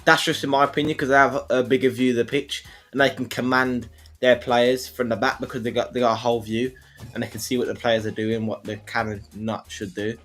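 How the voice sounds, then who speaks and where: A man co-hosting a casual football livestream, giving his opinions in a halting way full of restarts. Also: mid-range voice, little pitch movement, fairly bright tone, soft background music.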